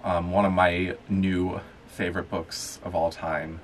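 A man co-hosting a casual book podcast, enthusiastic and quick to laugh. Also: low-pitched, little pitch movement, soft background music. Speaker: podcast co-host, bookseller. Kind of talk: casual chat.

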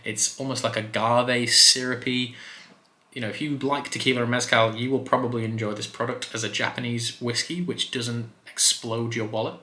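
A man casually reviewing a whisky for his video channel, chatty and relaxed with loose fillers. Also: mid-range voice, normal speed. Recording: roomy echo.

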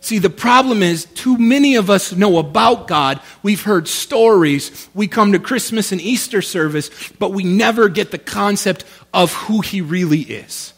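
A male pastor preaching a sermon in an animated, conversational way, often checking in with his listeners. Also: high-pitched, unhurried, few pauses, breathy edge.

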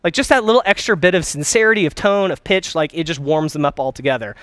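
A young man teaching a course on phone skills, talking in an energetic, conversational way and acting out sample calls. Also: a little high, quick pace, no echo. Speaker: dental practice consultant.

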